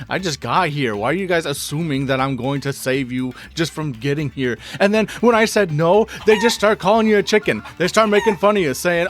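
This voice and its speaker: A man hosting a comedic video game rant, exaggerated and indignant, swinging between loud outbursts and low mutters. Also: lively intonation, fairly quick, few pauses. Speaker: video game commentary host.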